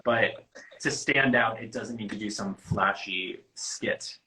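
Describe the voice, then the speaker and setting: Bright-voiced man chatting on a livestream. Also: fairly low pitch, slow pace, rough recording. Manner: animated, acts out applicants' lines, swears freely. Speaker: casting producer. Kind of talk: casual livestream chat. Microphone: phone or laptop on a video call.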